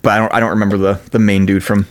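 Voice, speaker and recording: A man's voice: fairly low pitch, rapid-fire. A young man co-hosting an audio podcast, chatting casually about games and often groping for names. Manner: relaxed, searching for names. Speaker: podcast co-host.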